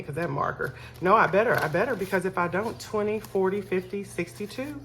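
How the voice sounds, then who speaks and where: A woman's voice: mid-range voice, expressive, normal speed, slight background noise. A woman, talking casually to her viewers while counting cash for her budget. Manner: chatty, talks to viewers as y'all, counts aloud. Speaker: budgeting vlogger.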